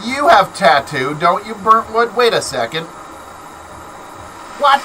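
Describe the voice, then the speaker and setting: A man's voice: high voice, sing-song, takes it slowly, bright, forceful tone, slight background noise. Swearing, laughing guy in his 40s. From Canada. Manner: profane, laughing storyteller. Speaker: livestream host. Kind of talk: casual livestream chat.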